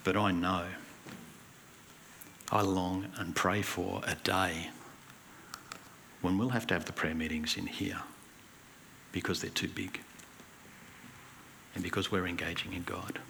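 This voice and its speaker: Bright-voiced man preaching. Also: sits low, takes it slowly, creaky, long pauses, slight background noise. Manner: earnest, emphatic preaching with animated anecdotes. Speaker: pastor. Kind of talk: sermon. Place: church hall.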